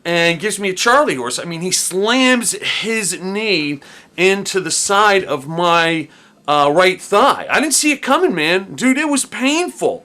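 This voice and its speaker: A middle-aged man casually telling a story about his own past, animated and slangy, tossing in "dude" and "man". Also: high voice.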